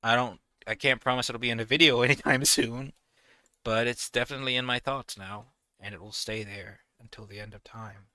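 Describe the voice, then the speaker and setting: A man's voice: medium pitch, fairly even intonation, a little fast, sharp tone, dry recording. A young man giving casual gameplay commentary, rambling and ranting animatedly. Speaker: gaming video creator.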